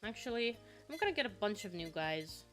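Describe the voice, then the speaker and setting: A young woman from Finland chatting away on a gaming stream at a mid pitch, rambling through fillers and the odd swear word. She sounds a little sniffly. Faint game music plays behind her on a close desk mic. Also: very animated, a little fast, a bit bright. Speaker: vtuber streamer. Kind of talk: casual gaming stream chat.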